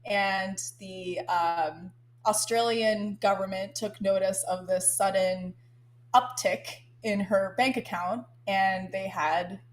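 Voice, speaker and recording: A woman's voice: mid-range voice, steady tone, slow pace. A young woman telling a story in a casual podcast chat, rambling with many ums and now and then breaking into giggles. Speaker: guest co-host.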